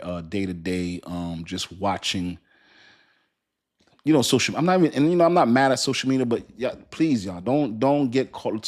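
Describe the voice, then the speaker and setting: A man hosting a casual crypto livestream, joking and talking straight to his viewers in an animated way. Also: on the low side.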